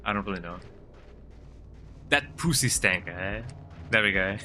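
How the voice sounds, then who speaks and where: A man's voice: on the low side, expressive, measured pace, sharp tone, faint music behind. A man, streaming a horror game and rambling through crude jokes as he thinks aloud. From Mexico. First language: Spanish. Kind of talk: live game commentary.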